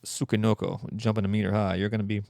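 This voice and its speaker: A man's voice: fairly low pitch, flat delivery, fast talker, vocal fry, a little mellow, no room sound, clean studio sound. A man hosting a solo comedy podcast, rambling and mocking in a sarcastic tone. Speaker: podcast host.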